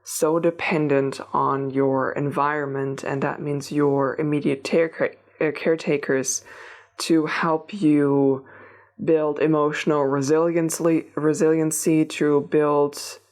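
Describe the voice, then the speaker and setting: A woman gives a spiritual tarot reading, speaking directly to her listener. Her voice sits low and stays quite level, with little rise and fall. She wanders through her thoughts, restarting phrases as she goes. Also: level tone, takes it slowly, darkish tone. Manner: meandering, many restarts and fillers, addresses listener directly. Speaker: tarot reader. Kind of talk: unscripted spiritual reading to camera.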